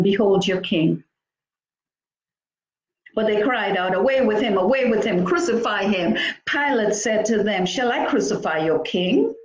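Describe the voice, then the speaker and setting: Woman preaching scripture in an echoey room. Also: medium pitch. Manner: reads scripture aloud with exclamations between verses. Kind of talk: scripture-reading sermon.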